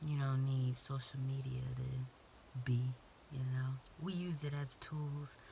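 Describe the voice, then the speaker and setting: A woman giving a casual, heartfelt vlog talk to her viewers, often dropping into soft whispers. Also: very deep voice, little pitch movement, slow, vocal fry, slight background noise. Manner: warm, intimate, drifts into soft whispers. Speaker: vlogger. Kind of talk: casual motivational talk to camera.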